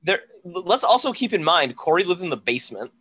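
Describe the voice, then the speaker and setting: A man's voice: sits high, very animated, brisk, pushed and bright, breathy edge. A man co-hosting a podcast recap, dropping wry, dry remarks in casual chat. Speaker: podcast co-host.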